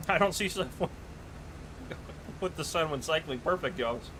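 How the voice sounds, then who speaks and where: A man's voice: fairly high pitch, animated, unhurried, background noise. A man chatting casually on a live gaming stream, telling stories, reading chat aloud and laughing often.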